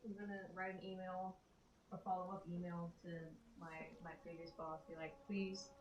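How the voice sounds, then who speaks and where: A woman's voice: lowish voice, flat delivery, a little fast, echoey room, highs cut off. A woman chatting casually with her partner in the background of his live stream, offhand and talkative. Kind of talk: casual off-mic chat.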